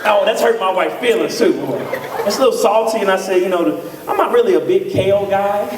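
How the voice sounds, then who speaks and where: A psychologist with a high voice speaks fairly quickly in a humorous talk to couples in an echoey church hall, recorded from a distant mic amid background noise. Telling stories, he acts out both partners' lines in voices while the audience laughs.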